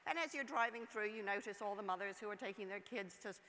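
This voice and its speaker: A woman's voice: mid-range voice, fast, pushed and bright. A woman delivering a conference keynote address in an emphatic style, putting rhetorical questions to the audience. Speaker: keynote speaker. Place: large conference hall. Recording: long hall reverb.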